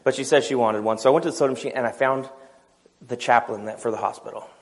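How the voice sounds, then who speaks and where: A man preaching a sermon through a personal story, acting out each exchange and laughing at his own moments. His voice sits in an ordinary middle pitch. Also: fairly even intonation, quick pace.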